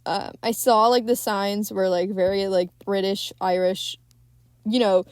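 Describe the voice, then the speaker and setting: A woman's voice: mid-range voice, steady tone, unhurried, darkish tone, dry recording, studio quality. A young woman hosting a podcast, recapping a film in a rambling, casual way with lots of fillers and swearing. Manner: rambling, many fillers, swears freely, frequent laughs. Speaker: podcast host.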